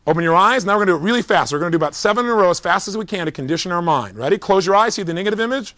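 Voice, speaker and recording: A man coaching a seminar crowd through a visualization drill, his voice sitting a little high. He gives firm, coaxing instructions that climb into energetic shouts. The sound is dry and close. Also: rapid-fire, hardly any pauses, no echo.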